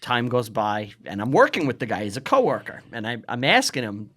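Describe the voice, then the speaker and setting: A man's voice: mid-range voice, sing-song, fairly quick, hardly any pauses, fairly bright tone. A man telling a long story on a podcast, casual and profane, acting out what people said. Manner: rambling, profane, acts out quotes. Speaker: guest storyteller.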